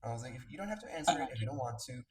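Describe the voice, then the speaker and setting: Podcast host, casual chat, animated storyteller, lively pitch, roomy room. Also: very fast. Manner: animated storytelling, acts out quotes. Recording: roomy, distant mic, noisy background.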